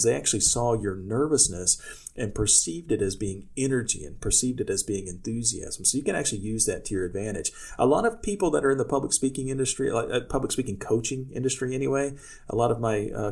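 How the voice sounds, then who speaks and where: Husky-voiced male public speaking coach. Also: medium pitch, a little mellow. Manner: tells personal anecdotes, acting out quoted speech; loose, many restarts. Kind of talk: casual podcast talk.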